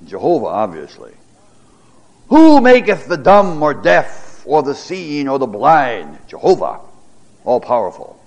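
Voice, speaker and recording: A middle-aged man, a pastor, teaching a Bible class, reading scripture dramatically and pausing with fillers and repeated words. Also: a little high, huge pitch swings, a little mellow.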